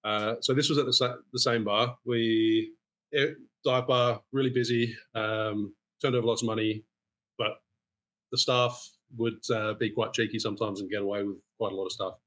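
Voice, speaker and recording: A man's voice: fairly low pitch, moderate pace. A man, a guest bartender, telling a story in casual talk and acting out the people in it with a raised voice. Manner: animated, acts out quotes in raised voice.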